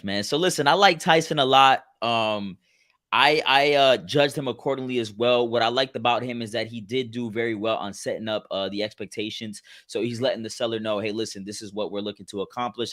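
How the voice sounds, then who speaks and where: A man with a lowish voice judges in a relaxed, loose way. He scatters a few fillers through his feedback. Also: fairly quick. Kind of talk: critique.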